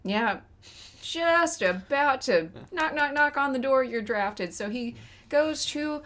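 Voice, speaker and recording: A woman's voice: high voice, expressive, slow, a bit bright. Sarcastic woman recapping a movie. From West Texas. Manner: opinionated, sarcastic, recaps plots. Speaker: podcast co-host. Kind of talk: casual movie review chat.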